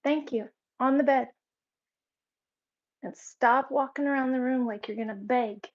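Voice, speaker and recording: A woman's voice: sits high, measured pace, long pauses, highs cut off. A woman vlogging at home, giving firm, repeated commands to her dogs between remarks to the camera. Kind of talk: casual home vlog. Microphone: camera set up in the room.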